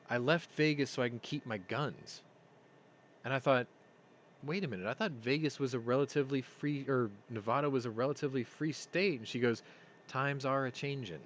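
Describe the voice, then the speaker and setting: A man hosting a casual live-stream chat, rambling through stories and getting loud and excited as he tells them. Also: mid-range voice, slight background noise. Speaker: podcast host. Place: home room. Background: yard work outside.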